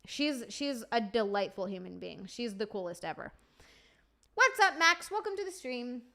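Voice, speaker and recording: A woman's voice: a little high, big pitch swings, normal speed, vocal fry, bright, forceful tone. A young woman streamer chatting casually, swearing freely and answering her live chat.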